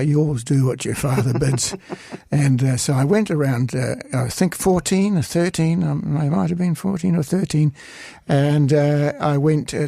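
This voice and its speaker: Elderly man from Scotland, guest storyteller: hesitant, anecdotal, slightly raised pitch, dry close mic. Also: gravelly, dark tone, dry recording. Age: 80s. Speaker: guest illustrator. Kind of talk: reminiscing interview.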